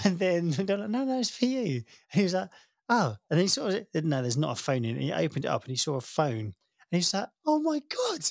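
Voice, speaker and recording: A man in his thirties chatting casually, telling a warm family story and acting out the voices he quotes. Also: a little high, quick pace, creaky, no room sound, studio quality. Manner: warm storytelling, animated when quoting. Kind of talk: casual chat.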